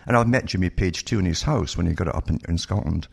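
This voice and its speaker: A man's voice: low voice, fast, creaky, husky. An older man, a radio guest, telling stories from his past in a knowing, matter-of-fact way. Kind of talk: conversational radio interview.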